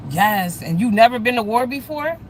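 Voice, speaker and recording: A woman from the United States hosts a casual livestream and talks straight to her viewers. She is blunt and profane, gossiping at a lively clip. A faint hum of vehicles sits behind her voice. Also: a little high, normal speed. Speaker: livestream host.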